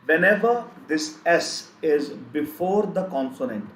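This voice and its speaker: A man teaches a live online language class at a very slow, deliberate pace and drills each example word several times. His voice sits a bit high for a man. The computer mic picks up a roomy echo and a faint hiss. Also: expressive, fairly bright tone.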